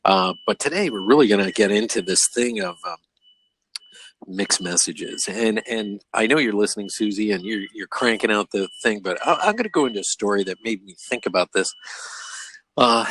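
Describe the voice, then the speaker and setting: A man's voice: on the low side, breathy edge, dry recording. An older man hosting a casual video-call discussion, telling stories and acting out the voices of the people in them. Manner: animated storyteller who acts out quoted voices. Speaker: host.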